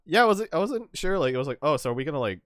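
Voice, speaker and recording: A man hosting a stream, talking in a loose, rambling way with plenty of laughter. His pitch swings widely as he talks. The sound is dry and close. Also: racing, no room sound. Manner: animated, laughs often, rambling with restarts. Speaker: streamer host. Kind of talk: casual chat.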